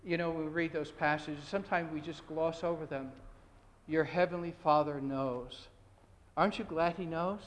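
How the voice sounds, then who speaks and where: A man with a high voice preaches a sermon in a church sanctuary, earnest and emphatic, often restarting his sentences. Long reverb from the hall trails his words. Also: normal speed. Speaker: pastor.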